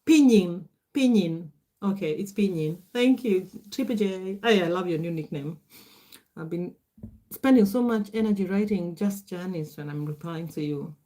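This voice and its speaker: Her voice is fairly low and dark, at normal speed with hardly any pauses. The livestream host is a middle-aged Kenyan woman whose first language is Swahili, chatting casually, laughing a lot and responding aloud to viewer comments.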